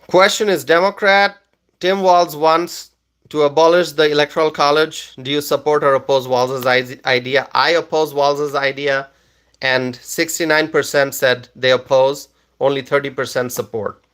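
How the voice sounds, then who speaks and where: A man hosting a casual live stream, tired after a long day, talking slowly and repeating himself as he reads viewer comments aloud. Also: fairly high pitch, steady tone, a bit bright, clear, resonant tone.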